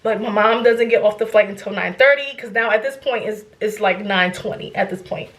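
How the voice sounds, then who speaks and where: A young adult woman vlogger telling a story in casual chat, rambling and animated, swearing freely. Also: mid-range voice, a little fast, echoey room.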